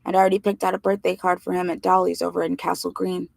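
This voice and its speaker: Gravelly low-voiced woman reading aloud. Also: fast, no echo. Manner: plain steady first-person narration. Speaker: reader.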